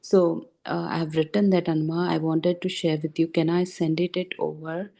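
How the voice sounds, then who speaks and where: A woman, a devotee in a question and answer session, asking quietly and politely, hesitant with many fillers. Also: sits low, level tone, normal speed, creaky.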